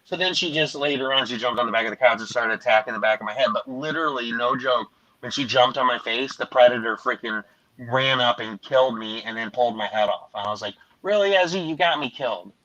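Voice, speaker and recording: A man's voice: medium pitch, fast talker, highs cut off. A man hosting a casual live stream chat, telling stories and acting out what people said. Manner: animated storyteller, acts out quotes. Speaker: livestream host.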